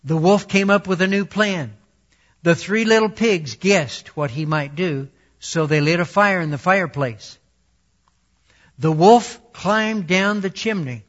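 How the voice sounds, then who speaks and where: Slow, measured male storyteller. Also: on the high side. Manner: slow, deliberate reading. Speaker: storyteller and Bible teacher. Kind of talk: reading a children's story aloud. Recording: dull lo-fi recording.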